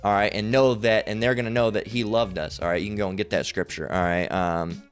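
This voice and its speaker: Low, smooth-voiced man teaching scripture. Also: steady tone, brisk, soft background music. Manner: hesitant, frequent fillers, checks in with "all right?". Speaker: religious teacher. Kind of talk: informal Bible teaching over screen share.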